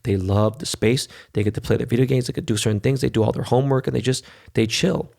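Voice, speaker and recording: A man's voice: mid-range voice, steady tone, fast, gravelly, darkish tone. A man, hosting a podcast and telling a loose, profane, talkative story in casual monologue. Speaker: podcast host.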